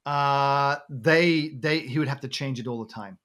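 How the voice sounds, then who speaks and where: A man's voice: medium pitch, a little slow, a bit bright. Rambling, laughing man chatting casually. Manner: rambling, self-deprecating, laughs often. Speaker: podcast host. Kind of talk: casual chat.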